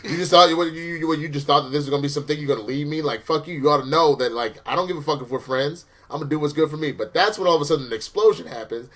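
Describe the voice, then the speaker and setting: A man's voice: fairly high pitch, racing, few pauses, fairly bright tone. A man co-hosting a casual comedy review show, retelling a cartoon episode with profane acted quotes. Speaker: show co-host.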